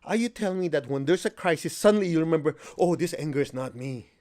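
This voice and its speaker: Male meditation teacher, animated class talk, humorous and direct. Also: quick pace. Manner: animated storyteller, acts out quotes with high pitch jumps; plain-spoken, humorous, asks the class questions.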